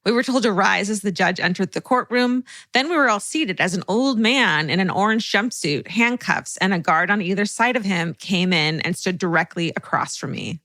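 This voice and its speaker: A young adult woman co-hosting a podcast, reading listener stories aloud with an animated, swearing, laughing manner. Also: medium pitch, normal speed, few pauses, no echo. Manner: animated storyteller, swears freely, laughs often. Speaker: podcast co-host.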